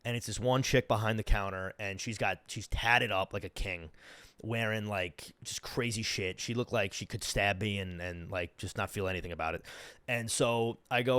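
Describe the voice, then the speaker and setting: A man's voice: medium pitch, normal speed, no room sound, clean studio sound. Profane man telling a travel story. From United States. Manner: animated, profane, acts out quoted people. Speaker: podcast host. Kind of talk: casual storytelling monologue.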